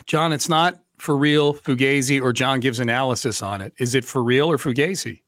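A man's voice: medium pitch, moderate pace, fairly bright tone, no echo. A man hosting a sports talk show, talking casually with lots of fillers and restarts. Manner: conversational, many fillers and restarts. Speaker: sports radio host.

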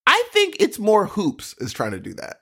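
A male podcast co-host chatting casually, rambling from thought to thought and slipping into quoted voices. His voice sits a touch high and his pitch moves in lively swings. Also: moderate pace, slightly rough. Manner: animated, rambling, acts out quotes. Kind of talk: casual chat.

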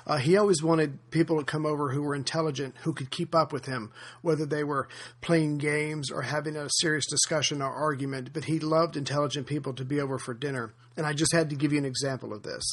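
A man hosting a history podcast, telling anecdotes in a relaxed, conversational way, with frequent fillers. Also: a little high. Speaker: podcast host. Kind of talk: casual history podcast narration.

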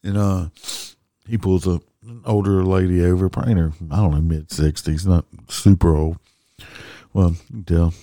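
A man's voice: sits low, steady tone, moderate pace, dark tone, no echo. A man, a traffic police officer telling stories in a blunt, profane, ranting way. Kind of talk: casual storytelling monologue.

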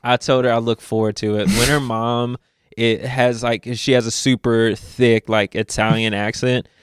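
A young man from Louisville, a podcast guest, telling animated stories in casual conversation with frequent laughs. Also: mid-range voice, slight background noise. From Louisville, Kentucky. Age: young adult. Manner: animated storyteller, laughs often, quick asides.

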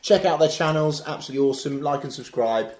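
A man's voice: fairly high pitch, quick pace, a little mellow. A man co-hosting a football podcast, enthusiastic and playful in casual chat. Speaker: podcast co-host. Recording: echoey room.

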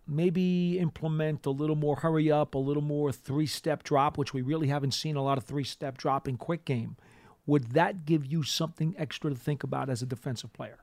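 A man hosting a sports talk show, energetic and emphatic, getting louder as he gets excited. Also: fairly high pitch, dry recording. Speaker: sports radio host.

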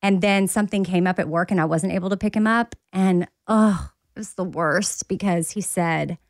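A woman's voice: fairly low pitch, moderate pace, hardly any pauses, no room sound, studio quality. A woman in her thirties co-hosting a podcast, a mom who also works in live radio, talking in a casual chatty way. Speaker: podcast co-host. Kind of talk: casual chat.

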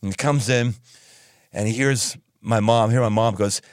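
A male podcast host telling a funny story in a casual, animated way and laughing as he goes. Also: lowish voice, normal speed, clear, resonant tone, dry recording, clean studio sound.

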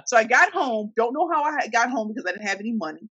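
A woman from St. Louis, Missouri, telling her business story in an interview, animated and acting out the voices of the people in it. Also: a little high, quick pace, slightly rough, no room sound, highs cut off. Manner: animated, acts out quoted voices. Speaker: guest entrepreneur.

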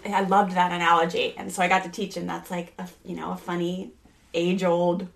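A woman's voice: lowish voice, little pitch movement, brisk, vocal fry. Earnest rambling woman sharing parenting stories. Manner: earnest, rambling with many "like" fillers and restarts. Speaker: parenting speaker. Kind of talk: casual podcast conversation.

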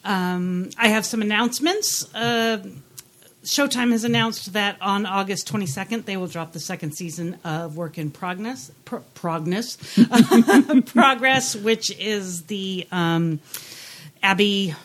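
A woman's voice: mid-range voice, takes it slowly. A woman co-hosting a casual pop-culture podcast, wry and profane, often trailing off into fillers. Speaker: podcast co-host.

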